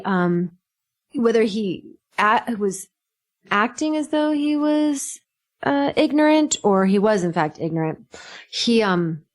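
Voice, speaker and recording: A middle-aged woman, a podcast guest, telling stories in casual chat, laughing and acting out what people said. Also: medium pitch. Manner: animated, laughing, acts out quotes.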